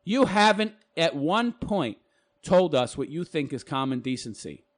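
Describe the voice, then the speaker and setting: A man's voice: fairly high pitch, expressive, unhurried. A man ranting in a reaction commentary, crude and sneering, swearing heavily.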